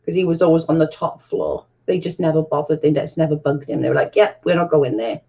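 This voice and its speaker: A woman's voice: low-pitched, fairly even intonation, quick pace, gravelly, mellow, breathy edge. A woman hosting a casual live stream, chatting with viewers and laughing often. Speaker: livestream host. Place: at home, camera off. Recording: dull lo-fi stream audio.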